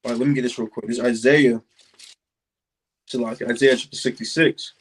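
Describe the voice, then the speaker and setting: A man in an informal bible study who reads verses aloud slowly and deliberately, then explains them in casual talk. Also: mid-range voice, fairly even intonation, slightly rough, poor audio.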